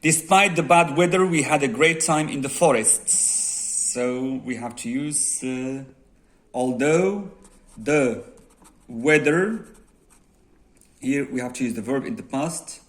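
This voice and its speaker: A man's voice: a little high, a bit bright. A man with a Moroccan accent, an English teacher correcting an exam and dictating answers word by word. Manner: slow, deliberate dictation, reading sentences word by word.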